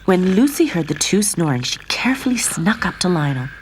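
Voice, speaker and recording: A woman reading the storybook narration of a cartoon dub in a lively, expressive way. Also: fairly low pitch, fairly quick, a little hiss or hum. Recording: faint music under the voice.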